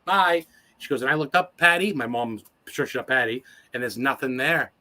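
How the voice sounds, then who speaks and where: A man's voice: medium pitch, brisk, sharp tone. A man in his forties, a guest on an interview show, telling personal stories in a rambling, profane and emotional way. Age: 40s. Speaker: podcast guest. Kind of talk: casual interview storytelling.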